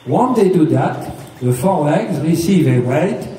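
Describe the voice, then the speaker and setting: Guy coaching riding, patient, keeps asking okay?, mellow voice, big echo, mic far off. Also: fairly high pitch, lively intonation, a little slow. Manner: patient, explains step by step, often checks "okay?". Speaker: riding instructor. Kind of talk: hands-on riding lesson. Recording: echoey, distant mic with faint noise.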